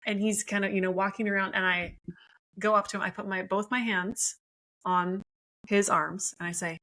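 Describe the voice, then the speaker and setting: A woman's voice: medium pitch, steady tone, moderate pace, a bit bright, rough recording. A woman in her thirties, a marriage and family therapist, explaining things in a friendly way and laughing easily as a podcast guest. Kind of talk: podcast interview.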